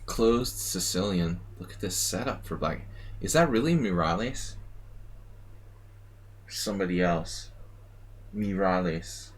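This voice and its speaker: A man's voice: low-pitched, animated, takes it slowly, long pauses. A man streaming a chess simul, thinking aloud in a muttering, self-mocking way. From United States. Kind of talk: live commentary while playing.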